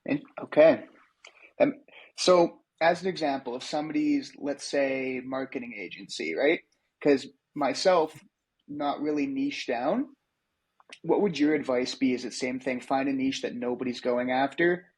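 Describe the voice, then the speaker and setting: A man hosting a podcast interview, feeling his way through a question with pauses. His voice is husky and mid-pitched. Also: poor audio. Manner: halting, hesitant questions. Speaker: podcast host.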